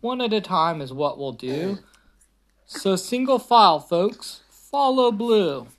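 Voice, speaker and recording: A woman's voice: mid-range voice, expressive, slow pace, pitched above the performer's own voice. A woman voicing a proud male mayor giving a rousing speech in a picture book read-aloud. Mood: grand. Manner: speechifying, declamatory.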